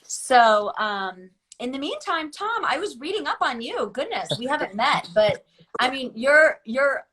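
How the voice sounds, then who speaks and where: A woman's voice: high voice, animated, a little slow, background noise. A woman from Chicago hosting a live online wine tasting from her home kitchen over a video call, chatty and upbeat, talking through the setup as she goes. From Chicago area. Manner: chatty, upbeat, thinks aloud through logistics. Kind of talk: casual live-stream chat.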